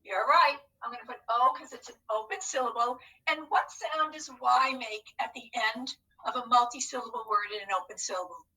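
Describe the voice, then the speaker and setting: A woman's voice: a little high, moderate pace, hardly any pauses, pushed and bright, distant mic, rough recording. A woman teacher leading a recorded phonics lesson, upbeat and coaxing as she talks to unseen students.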